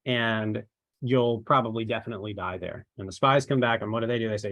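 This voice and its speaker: Low-voiced man giving a rambling talk. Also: steady tone, fairly quick, a bit bright, no room sound. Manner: rambling, conversational, with frequent rhetorical questions. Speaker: ministry marketing trainer. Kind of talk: informal training talk.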